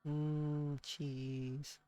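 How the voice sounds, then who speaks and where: A woman's voice: low voice, little pitch movement, drawn-out words, dark tone, clear, resonant tone, dry recording. A woman streaming a game and chatting casually, rambling from one thought to the next and talking to her chat and herself.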